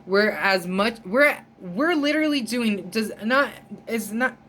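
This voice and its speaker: A woman's voice: fairly high pitch, lively intonation, a little slow, fairly bright tone, slight background noise. Heated, cursing woman vlogger. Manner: heated, emphatic and profane. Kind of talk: ranting storytime vlog.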